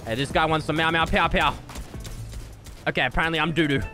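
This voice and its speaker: A young man giving jokey, excitable gameplay commentary with sudden yelps. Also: on the high side, fast, soft background music. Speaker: gaming YouTuber.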